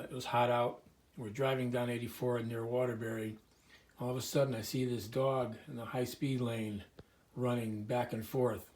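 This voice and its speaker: A man speaks at an ordinary middle pitch, telling stories in an earnest, rambling way and clearing his throat now and then. He talks casually to the camera from inside a small museum room.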